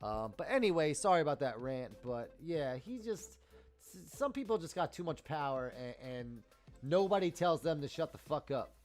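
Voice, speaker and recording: A man ranting and cursing on a trading live stream, swinging between loud outbursts and muttered asides. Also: on the high side, big pitch swings, normal speed, faint music behind. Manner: profane, heated, swings loud and quiet. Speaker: live-stream day trader.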